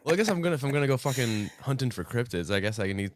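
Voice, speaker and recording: A man's voice: medium pitch, lively intonation, very fast, no room sound, studio quality. A young man hosting a casual podcast, joking, swearing and rambling with lots of fillers. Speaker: podcast host.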